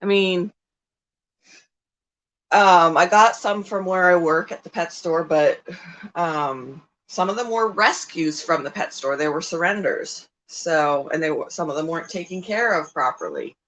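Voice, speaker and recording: A woman's voice: on the low side, animated, a little slow, a bit bright, low-quality recording. A middle-aged woman hosting a casual livestream, chatting in a rambling way with frequent ums as she talks about her pets. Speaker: livestream host and pet keeper.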